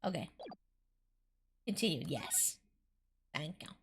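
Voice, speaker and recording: A woman's voice: low voice, animated, takes it slowly, breathy edge. A woman streamer chatting playfully while playing through a game. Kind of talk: casual game-stream commentary.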